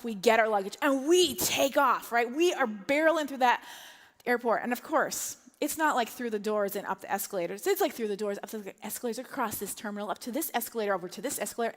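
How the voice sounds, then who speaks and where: A woman with a high, bright-sounding voice tells a lively story from a church stage, gasping and playing out the people she meets. Her words ring out into a large hall with a long reverb trailing behind each phrase. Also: fast. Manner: animated, acts out others' voices, breathless gasps. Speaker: speaker telling a personal story to a church. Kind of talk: sermon storytelling.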